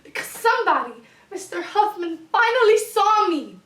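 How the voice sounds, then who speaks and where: A woman's voice: very high voice, very animated, a bit bright, exaggerated voice. A young woman acting a defiant young male student from the Bronx, firing off indignant questions. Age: young adult. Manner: indignant, rapid, challenging questions. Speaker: actor. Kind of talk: stage monologue. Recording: echoey room, distant mic.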